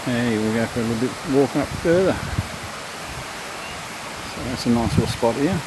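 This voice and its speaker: A man giving relaxed, low-key commentary to the camera as he walks a garden trail beside a stream. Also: moderate pace. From Australia. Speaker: vlogger. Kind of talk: casual walking commentary. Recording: outdoor noise, running stream behind.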